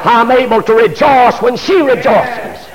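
Impassioned high-voiced preacher. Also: male voice, a little slow, a crowd in the background. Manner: impassioned preaching, shouting peaks, repeated fillers. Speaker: pastor. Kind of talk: sermon. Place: church. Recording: long hall reverb.

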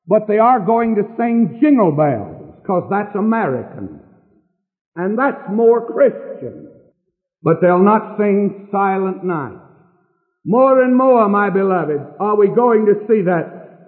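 An older man preaching a sermon from a church pulpit with earnest, emphatic pauses. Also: sits high. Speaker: pastor. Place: church sanctuary. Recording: distant hall on a tinny lo-fi recording.

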